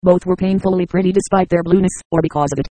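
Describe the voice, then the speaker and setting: Synthetic speech voice, audiobook narration, monotone, mellow, dry close sound. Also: mid-range voice, fast, dry recording, poor audio. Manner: even, mechanical delivery. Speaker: audiobook reader. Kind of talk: scripted narration.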